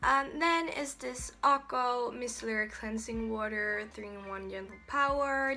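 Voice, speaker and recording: A woman's voice: on the high side, a little slow, hardly any pauses, bright, forceful tone, faint music behind. A young woman with a Swedish accent, chatting casually through a review of used-up beauty products and often restarting her sentences. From Sweden. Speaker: beauty vlogger.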